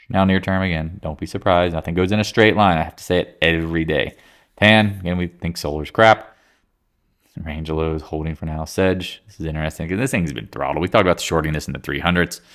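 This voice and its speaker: Deep-voiced blunt market commentator man. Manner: blunt, jokey, quick asides. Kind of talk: casual chart-by-chart market rundown.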